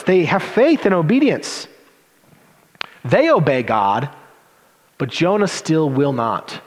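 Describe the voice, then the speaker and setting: A male pastor preaches with a fairly high voice that climbs and dips with lots of expression. He drops into teasing, sarcastic asides. The sound carries a long reverb, as in a large hall. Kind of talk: sermon.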